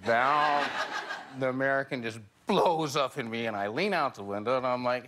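A man's voice: mid-range voice, normal speed, noisy background. A man in his forties, a talk show guest telling a comic story and laughing through his punchlines. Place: TV studio with live audience.

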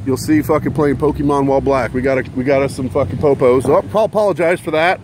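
A man chatting casually in a vlog from his car, swearing, barking and yelling out loud, then apologizing for his outbursts. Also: mid-range voice, quick pace, a little hiss or hum. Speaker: vlogger.

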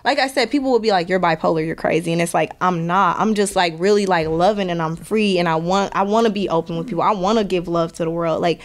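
A woman's voice: fairly low pitch, fast talker, hardly any pauses. A woman from Milwaukee, a podcast guest telling stories in casual chat. She talks bluntly and profanely, laughs often and acts out other people's voices. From Milwaukee, Wisconsin.

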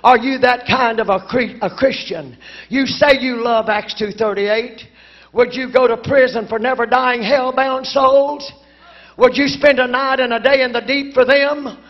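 A woman preaching a sermon emphatically, building to shouted lines and then dropping to a low, quiet delivery. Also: steady tone, measured pace. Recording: dull lo-fi conference recording.

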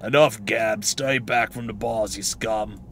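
A man voicing a gruff, scornful male jail guard in a game, with a put-on accent. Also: lowish voice, steady tone, a little slow, a bit bright, a little hiss or hum.

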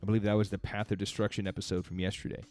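A man's voice: lowish voice, little pitch movement, very fast, darkish tone, faint music behind. A man coaching in a casual devotional talk, earnest and conversational, laughing between his points. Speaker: fitness coach giving a daily faith talk.

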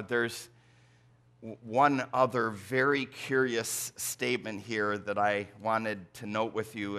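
A man with a Michigan accent preaching a deliberate, emphatic sermon as pastor in a church. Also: on the low side, a bit bright. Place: church sanctuary.

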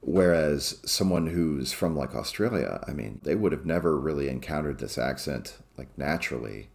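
A man from the American Midwest, co-hosting a podcast in casual chat, measured and thoughtful, with many fillers. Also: very deep voice, animated, gravelly, a little mellow. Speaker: podcast co-host.

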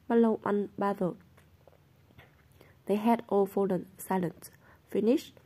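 A woman reading a novel aloud in a steady, unhurried way. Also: medium pitch. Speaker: audiobook reader.

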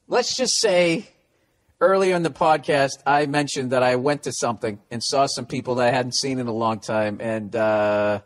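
Comedy podcast host, male, highish voice, profane and animated, reads letters then riffs. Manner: profane, animated, reading listener letters aloud. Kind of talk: casual comedy podcast rant.

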